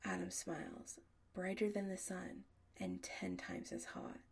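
Husky, half-whispered woman narrator. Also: on the low side, sing-song, a little slow. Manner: soft, often half-whispered. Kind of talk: audiobook narration.

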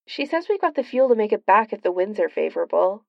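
A woman's voice: mid-range voice, very animated, fast, vocal fry, dry recording, dull audio. A woman reading the lines of a cheerful, friendly female superhero speaking over the radio.

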